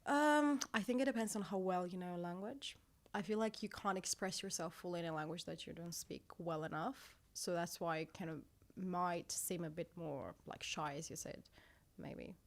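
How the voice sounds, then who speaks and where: A woman's voice: on the low side, normal speed. Playful young woman from Georgia. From Georgia, raised in Moscow. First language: Georgian and Russian. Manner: laughing, playful, switching languages with many fillers. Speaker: guest. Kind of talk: casual interview chat.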